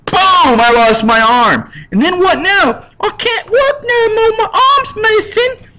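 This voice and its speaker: A man voicing a crying British child factory worker in a squealing, shouted voice. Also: expressive, slow, a little hiss or hum, heavily acted, poor audio. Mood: wailing. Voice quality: high squealing put-on child voice. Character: injured child factory worker, Cockney-ish.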